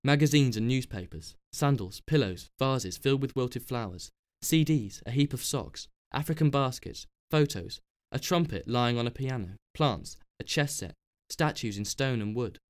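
A man narrating a novel in a measured, even storytelling manner. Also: medium pitch, clear, resonant tone. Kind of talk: scripted narration.

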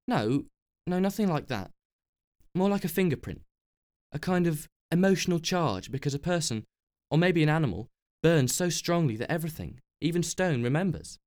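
A man reading the part of an earnest, superstitious young woman who is easily flustered, speaking insistently and a little higher than his own voice. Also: expressive, normal speed, darkish tone, lightly acted.

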